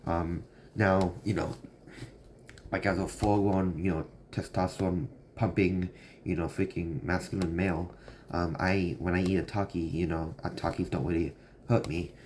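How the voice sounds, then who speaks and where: A young man with a very low voice tells a story in a loose, rambling way, packing it with fillers. It sounds like a casual vlog monologue, with faint noise in the background. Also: steady tone, moderate pace, a little mellow. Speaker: vlogger.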